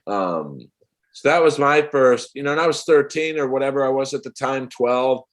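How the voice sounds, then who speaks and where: A comedian in his forties, a man telling rambling, animated stories as a podcast guest. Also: mid-range voice, a little fast. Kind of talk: casual podcast chat.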